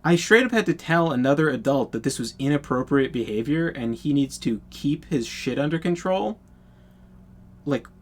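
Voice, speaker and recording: A young man telling a casual storytime anecdote in a blunt, profane, incredulous way. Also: on the high side.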